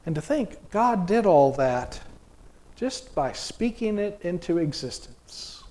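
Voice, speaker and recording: A middle-aged man delivers a sermon in a relaxed, homespun way, asking the listeners questions and circling back on his words. His voice sits a bit high for a man and swings widely up and down. He takes his time, speaking at an unhurried pace. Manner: folksy, conversational preaching with many restarts and rhetorical questions. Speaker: preacher.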